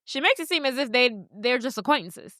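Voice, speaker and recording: A woman's voice: high-pitched, animated, brisk, pushed and bright, dry recording, studio quality. A woman co-hosting a podcast, casually recapping a movie plot and acting out the characters' lines with plenty of swearing. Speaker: podcast co-host.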